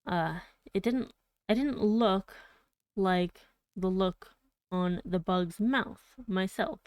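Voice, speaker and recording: A woman reading the lines of a worried old male servant who speaks in a halting, rambling way. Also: mid-range voice, a little mellow, dry recording, lightly acted. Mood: insistent. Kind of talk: audiobook reading.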